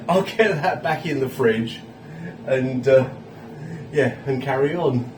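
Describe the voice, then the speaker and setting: A man's voice: mid-range voice, expressive, measured pace, distant mic, noisy background. Chatty man, roomy kitchen sound. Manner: chatty, self-mocking, chuckling asides. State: a little tipsy. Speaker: food reviewer. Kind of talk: casual food review vlog. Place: home kitchen.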